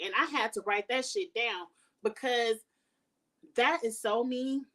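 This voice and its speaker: A woman's voice: fairly high pitch, normal speed, recorded from a distance. A woman hosting a casual review vlog, recapping a reality show in a sassy, shady, blunt way.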